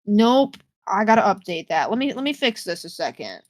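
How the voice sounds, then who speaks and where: A woman's voice: mid-range voice, big pitch swings, moderate pace, no echo. A woman live-streaming a game, chatting with her viewers in a playful, dramatic way and reading the game's text aloud. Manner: playful, dramatic, talks to chat.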